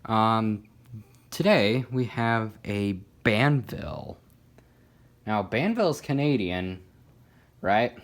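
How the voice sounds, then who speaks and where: A ceiling fan collector shows off a fan in a casual hobby video, rambling with plenty of fillers and self-deprecating asides. His voice sits on the low side and is expressive, delivered at a slow pace.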